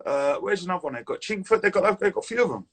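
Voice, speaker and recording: A man's voice: high voice, animated, rapid-fire, breathy edge. A man, a guest in a casual video-call chat, talking in a laddish, slangy, easygoing way.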